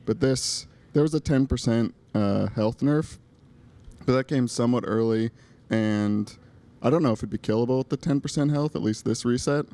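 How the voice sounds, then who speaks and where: A man's voice: mid-range voice, normal speed, mellow, no echo. A man co-hosting a casual gaming talk show, laid-back and joking. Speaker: podcast co-host.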